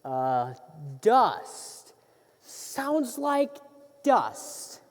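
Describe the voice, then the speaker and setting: Woman as a playful court jester, very lively pitch, unhurried, stage musical. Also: exaggerated voice. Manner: animated guessing, lots of oh's and ums. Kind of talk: live stage musical acting. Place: theater stage. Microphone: far camera. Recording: reverberant theater.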